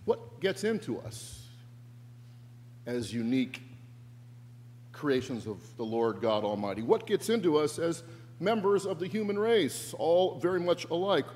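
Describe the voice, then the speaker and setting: A man's voice: a little high, lively intonation, measured pace, darkish tone. A man preaching a sermon as pastor, earnest and reflective, shifting his emphasis. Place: church sanctuary. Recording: echoey church with faint hum.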